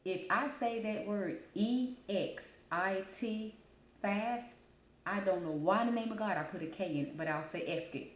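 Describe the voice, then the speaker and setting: A woman hosting her channel, talking casually to camera and telling her story in an animated, chatty way. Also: mid-range voice, moderate pace. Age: adult. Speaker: channel host. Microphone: camera mic. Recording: roomy echo.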